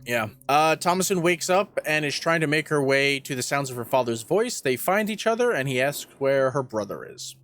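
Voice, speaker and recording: A man's voice: fairly high pitch, lively intonation, normal speed, hardly any pauses, a bit bright. A man co-hosting a podcast, recapping a film's plot in casual, profane chat. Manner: recaps plot, swears, acts out quotes. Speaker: podcast co-host.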